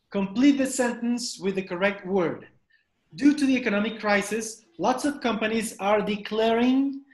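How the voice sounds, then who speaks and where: A man's voice: sits high, echoey room. A man teaching an online English class, repeating questions and drilling pronunciation over a video call.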